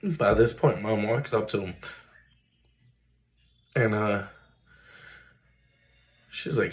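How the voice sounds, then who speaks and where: A man's voice: lowish voice, slow, long pauses, rough recording. A man, earnestly telling his own emotional story as a father, with many fillers. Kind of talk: personal storytelling to camera.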